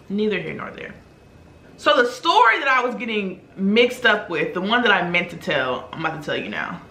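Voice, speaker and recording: Her voice mid-range with a touch of vocal fry, a young beauty vlogger recounts a long tale as she applies makeup, animated and casual, voicing other people's lines along the way. The room is echoey.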